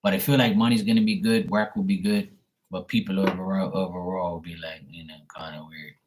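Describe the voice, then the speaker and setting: A man's voice: low voice, steady tone, fairly quick, noisy background. A man doing a casual tarot reading who rambles through stories, talks bluntly and swears freely. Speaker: tarot reader. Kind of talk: casual livestream reading and storytelling.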